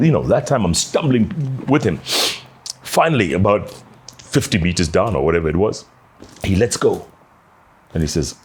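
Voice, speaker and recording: A man, a journalist, telling an animated anecdote with many casual fillers. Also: deep voice, moderate pace, slightly rough. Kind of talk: anecdotal storytelling.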